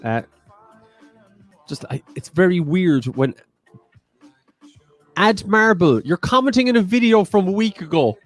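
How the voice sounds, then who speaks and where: A man's voice: sits high, big pitch swings, unhurried, long pauses, soft background music. A man with a Cork Irish accent co-hosting a livestreamed quiz, bantering and teasing his partner in casual chat. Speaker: quiz co-host.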